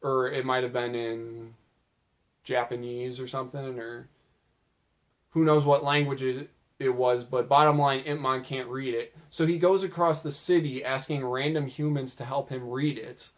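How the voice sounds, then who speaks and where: A man's voice: medium pitch, fairly even intonation, normal speed. Young guy rambling thru a cartoon recap, lots of uh and like, mid voice. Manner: chatty, loose retelling with many "uh" and "like" fillers. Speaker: video creator. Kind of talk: casual anime recap commentary.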